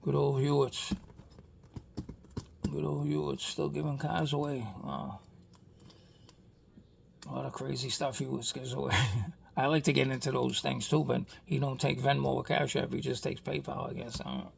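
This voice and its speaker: Gravelly-voiced Boston man, chatty vlogger who rambles with lots of "you know what I mean.". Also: medium pitch, little pitch movement, normal speed, a crowd in the background. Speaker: toy car customizer vlogger. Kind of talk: casual rambling vlog chat.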